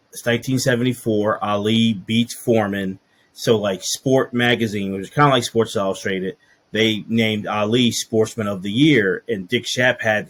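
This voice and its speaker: A man hosting a podcast in casual chat, telling a relaxed anecdote. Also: fairly low pitch. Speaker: podcast host.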